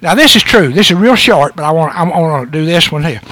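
A pastor preaches in a folksy, chuckling way, telling jokes to his church. His voice sits high and swings up and down a lot. The sound is close and dry. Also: expressive, fairly quick, sharp tone, dry recording. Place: church service.

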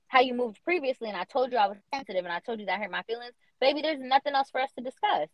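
A woman's voice: fairly high pitch, lively intonation, rapid-fire, no room sound. Young woman, podcast co-host: casual, emphatic, slangy; dull lo-fi audio. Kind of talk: casual chat.

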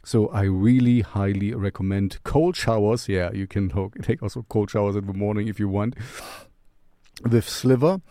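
A man's voice: on the low side, fairly even intonation, normal speed, warm tone, dry recording, clean studio sound. A man hosting his own music channel, giving a casual song recommendation with chatty, playful self-mocking humor.

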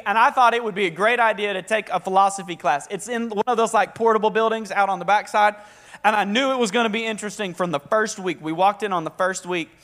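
A young man with a Southern accent preaching a lively, joking sermon to a congregation and prompting them to answer back. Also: sits high. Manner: talkative, energetic, joking. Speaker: pastor. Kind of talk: lively sermon with call-and-response. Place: church hall with a live congregation.

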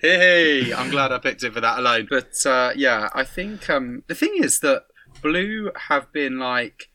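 A man's voice: mid-range voice, expressive, a little slow, bright, forceful tone, dry recording. A man co-hosting a podcast in casual chat, laughing often and tripping over repeated words. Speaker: podcast co-host.

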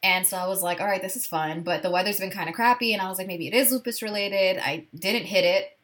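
A woman's voice: mid-range voice, quick pace, fairly bright tone. A woman co-hosting a podcast, telling a story in a chatty way, full of "like" and the odd swear word. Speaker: podcast co-host. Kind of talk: casual chat.

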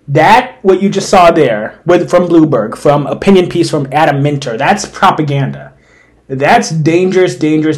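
A man's voice: fairly high pitch, a little mellow. A man hosting an opinion podcast, talking bluntly and sarcastically with open indignation. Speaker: podcast host. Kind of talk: opinion commentary.

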